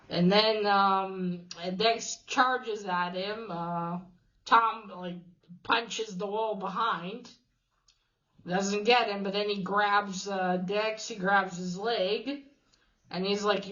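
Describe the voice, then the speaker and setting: Slow, halting woman recapping a story. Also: medium pitch, fairly even intonation, fairly bright tone, muffled recording. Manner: hesitant, halting with many fillers and restarts. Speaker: video host retelling a comic. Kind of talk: casual plot recap.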